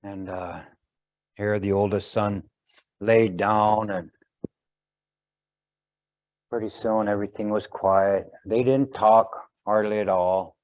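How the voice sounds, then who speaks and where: Slow, unhurried male storyteller. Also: fairly low pitch, fairly even intonation, darkish tone. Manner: slow, pausing, explanatory. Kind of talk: traditional oral storytelling.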